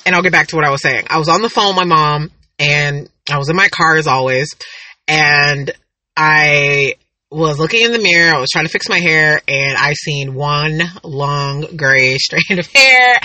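A woman's voice: lowish voice, lively intonation, normal speed, pushed and bright, poor audio. A woman in her thirties, hosting a casual podcast monologue and telling rambling, chatty stories with frequent laughs. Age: 30s. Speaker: podcast host.

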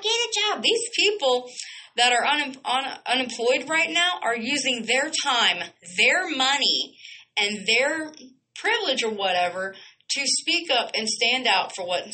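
A woman's voice: on the high side, animated, unhurried, pushed and bright, a little hiss or hum, low-quality recording. A woman hosting a podcast, speaking in an impassioned monologue, blunt and emphatic, swearing freely and restarting phrases as she goes. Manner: repeats and corrects phrases mid-sentence. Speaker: podcast host.

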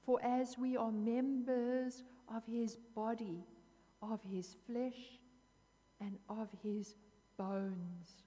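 A woman's voice: a little high, fairly even intonation, very slow, mellow, big-room sound. A woman preaching a sermon in an earnest, emphatic way, repeating phrases for weight.

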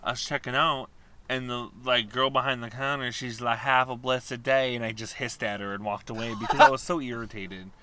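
A man's voice: medium pitch, brisk, background noise. A man from Wisconsin in casual chat, ranting and telling stories with lots of swearing. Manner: ranting, profane, animated storytelling.

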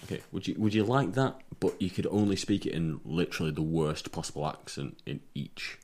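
Low-voiced English man chatting. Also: brisk, a little mellow. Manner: rambling, jokey, repeats words. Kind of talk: casual chat. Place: attic room.

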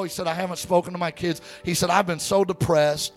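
A man preaching a sermon to a church congregation, telling a personal story in an easygoing way and then rising into shouted, sing-song preaching. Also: high voice, steady tone, fast, faint music behind. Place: church sanctuary.

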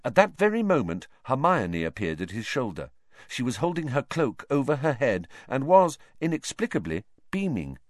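Guy reading a storybook out loud, super lively pitch, dry close mic. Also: normal speed, no echo. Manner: lively, voices the characters. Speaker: audiobook reader. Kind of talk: expressive storybook narration.

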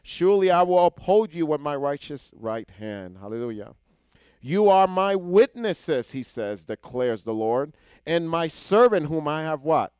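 Clear-voiced man teaching scripture. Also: a little high, big pitch swings, a little slow, darkish tone, no echo. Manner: explains Hebrew words, asks the listeners questions. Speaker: Torah teacher.

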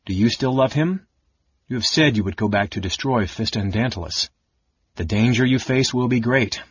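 A man voicing a stern old archmage who speaks in a measured, solemn way. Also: medium pitch, slightly rough, dry recording, muffled recording, natural voice.

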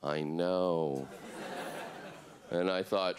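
A man in his thirties doing a deadpan, absurd stand-up routine on a club stage, jumping up into a high voice for the people he quotes. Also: moderate pace, very noisy. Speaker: stand-up comedian. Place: comedy club stage before a live audience.

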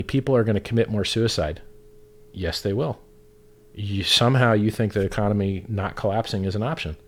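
A man with a lowish voice delivers an angry, profane livestream rant. He is sarcastic throughout and jumps up into a mocking, higher voice to imitate others. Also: a little fast, breathy edge. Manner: mocks others in raised mimicking voice. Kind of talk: ranting livestream monologue.

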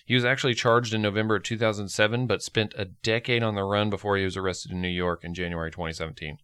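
A man's voice: lowish voice, fairly even intonation, quick pace, a bit bright, clean tone, no echo, studio quality. A man co-hosting a casual podcast, joking loosely with profanity and laughing often. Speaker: podcast co-host reading news.

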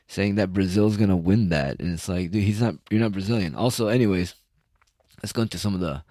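A man's voice: deep voice, darkish tone, dry recording, clean studio sound. A man hosting his own show, rambling casually and sarcastically, swearing often and trailing off with uhs. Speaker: solo podcast host.

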